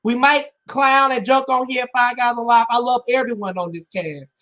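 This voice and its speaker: A man's voice: very high-pitched, steady tone, moderate pace, bright, forceful tone. A man co-hosting a talk show, speaking with raw emotion and close to tears, repeating himself as he builds to urgent pleas. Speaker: podcast co-host. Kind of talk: impassioned panel commentary.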